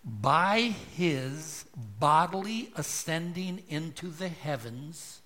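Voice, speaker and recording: A pastor preaching a sermon with emphatic rhetorical questions, his loudness swelling and dropping. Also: a little high, expressive, takes it slowly.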